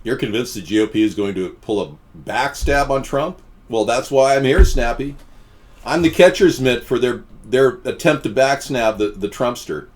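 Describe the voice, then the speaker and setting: A man's voice: mid-range voice, moderate pace. A man hosting a casual live stream, rambling and answering chat comments with frequent restarts.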